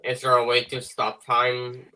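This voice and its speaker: A man's voice: mid-range voice, monotone, a little slow, bright, forceful tone. A man in a casual voice-call chat, musing and thinking aloud.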